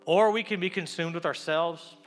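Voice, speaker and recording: A man preaching a sermon, telling a story and building to a loud, repeated call with rising refrains. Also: fairly high pitch, normal speed, soft background music.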